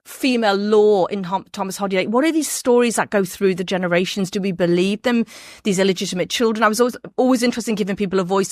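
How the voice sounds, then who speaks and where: A woman from Merseyside with a softened Liverpool accent, talking as an interview guest in a lively way, often restarting her sentences. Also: mid-range voice, dry recording, clean studio sound. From Merseyside, England. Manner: animated, quick, with frequent restarts and laughs. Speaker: guest, biographer. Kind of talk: casual interview talk.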